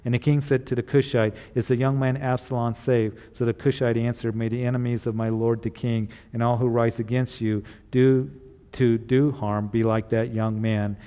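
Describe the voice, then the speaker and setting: Man preaching, mellow voice, long reverb. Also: medium pitch, level tone, normal speed, smooth. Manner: retells scripture in casual paraphrase with acted voices; earnest, encouraging. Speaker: pastor. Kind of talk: sermon, reading scripture and retelling it.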